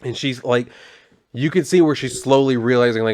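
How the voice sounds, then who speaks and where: A young man giving a casual comic book review, rambling and relaxed with plenty of fillers. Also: medium pitch, a little fast.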